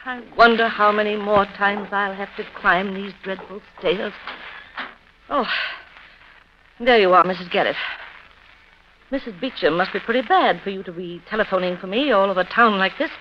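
An actress playing a bitter, sharp-tongued woman who mocks her family in an old radio drama. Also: mid-range voice, normal speed, close to an everyday voice. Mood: impatient. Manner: scornful and biting, sugary when coaxing. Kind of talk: 1930s radio drama acting. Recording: dull old radio recording with faint hiss.

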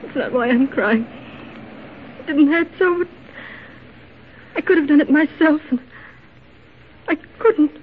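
A timid young wife, tinny radio. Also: female voice, high-pitched, unhurried, long pauses, a little hiss or hum. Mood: tearful. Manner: soft, hesitant and emotional. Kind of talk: 1940s radio acting. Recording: tinny, narrow old radio recording.

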